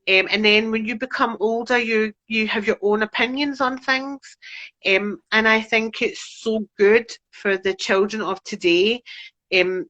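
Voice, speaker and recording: A woman's voice: medium pitch, pushed and bright. A Scottish woman from Glasgow speaking earnestly and reflectively in casual conversation as a podcast guest. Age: adult parent. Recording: dull lo-fi sound.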